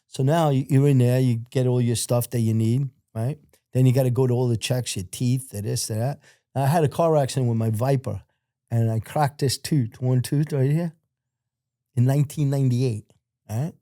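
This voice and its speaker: In studio-quality audio with no room sound, a man with an American accent gives a blunt, profane account of his life during a casual interview. He talks at normal speed in a medium pitch and turns animated when he quotes people.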